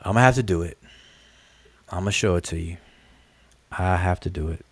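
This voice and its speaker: Here a man with a low voice speaks at normal speed, with no room sound, while hosting a live-stream lesson. He addresses viewers directly, repeats himself a lot, and asks them questions. Animated, he says "look, look" and calls them "y'all" and "family."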